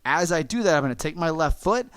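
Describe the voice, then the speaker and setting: A man with a fairly high voice leads an online martial arts lesson, calling out each move and encouraging his students. His sound is dry and close, with no room echo. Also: expressive, fast, clear, resonant tone. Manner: coaching, encouraging, calls out moves and kiai shouts. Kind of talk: online class instruction.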